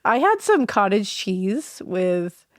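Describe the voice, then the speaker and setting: A playful woman co-hosting a podcast, chatting loosely and laughing easily. Her voice sits in a middle pitch. It is recorded close and dry, with no room sound. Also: very animated, takes it slowly, no room sound. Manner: bubbly, giggly, playful. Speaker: podcast co-host. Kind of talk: casual chat.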